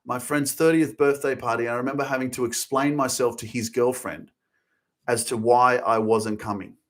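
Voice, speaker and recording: A man's voice: medium pitch, fairly even intonation, normal speed. Passionate, swearing motivational podcaster man. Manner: passionate, emphatic, swears freely, repeats phrases for emphasis. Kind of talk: motivational monologue.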